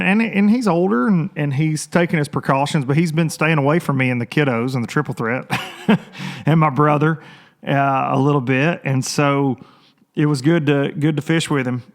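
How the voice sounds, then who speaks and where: A man hosting a casual solo podcast, rambling and chatty, energetic, and often repeating his phrases. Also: mid-range voice. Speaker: podcast host.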